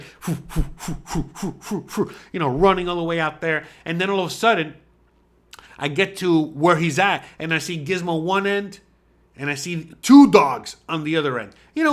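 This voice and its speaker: Animated high-voiced man telling a story. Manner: animated, profane, acts out dogs and his own shouts. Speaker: podcast host. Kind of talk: casual storytelling.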